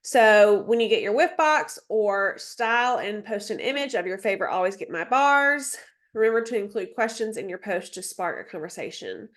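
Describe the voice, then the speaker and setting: Reading slides to her sales team over video, this stuffy-nosed mentor keeps the training session casual. Her medium-pitched voice is expressive and runs at a normal pace. She chats freely, sprinkling in asides and lots of ums.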